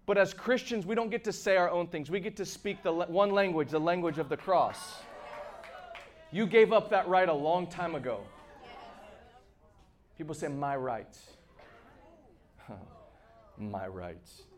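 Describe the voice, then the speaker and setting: Impassioned high-voiced male preacher. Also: normal speed, pauses often, a little hiss or hum. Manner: impassioned, shifts between shouting and hushed asides. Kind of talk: sermon.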